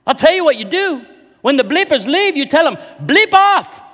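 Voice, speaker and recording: A man playing a loud, tipsy middle-aged woman in a pub, in a wobbly put-on Irish accent, bossy and boisterous. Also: very high-pitched, very animated, normal speed, slight background noise, voice pushed up, full character voice. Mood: ranting. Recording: large hall reverb.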